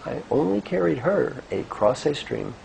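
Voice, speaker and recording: A man's voice: a little high, normal speed, creaky, a little hiss or hum, pitched above the performer's own voice, heavily acted, low-quality recording. A man doing a shrugging, easygoing monk. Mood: unbothered. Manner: relaxed, shrugging. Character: easygoing, unbothered male monk.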